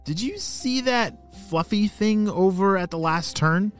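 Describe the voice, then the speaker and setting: Man reading storybook boy, eager, upbeat, quick, a bit high, lively swings. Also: soft background music. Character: excited young boy bike rider.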